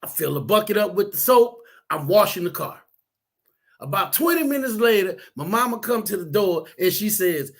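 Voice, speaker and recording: A man's voice: sits high, normal speed. A man who works as a counselor, chatting on a talk show and telling stories with acted-out quotes. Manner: animated storyteller acting out quotes. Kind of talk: casual talk show chat.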